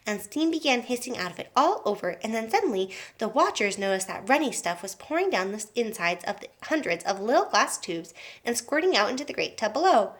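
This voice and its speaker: Teacher lady reading a kids book out loud, voice goes up and down a lot. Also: medium pitch. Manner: expressive, lively storytelling. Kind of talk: reading a book aloud to children.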